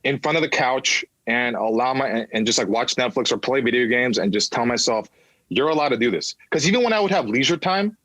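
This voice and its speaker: A man's voice: medium pitch, lively intonation, a little fast, a bit bright, dry recording, rough recording. A man in his thirties, a podcast guest, telling his personal story candidly, swearing freely and acting out voices of people in it.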